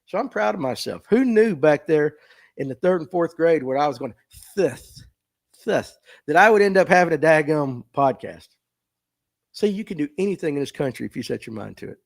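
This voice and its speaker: Joking Southern man with a raised voice. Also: a little high. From Southern United States. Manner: folksy, joking, self-deprecating. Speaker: livestream podcast host. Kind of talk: casual livestream chat reading viewer comments. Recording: phone mic.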